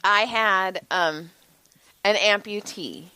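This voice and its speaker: A middle-aged woman tells lively stories on a casual podcast, acting out each quote and swearing freely. Her voice sits in the middle of the range, recorded close and dry. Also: medium pitch, takes it slowly, clean tone, dry recording. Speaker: podcast co-host, massage therapist. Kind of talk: casual chat, storytelling.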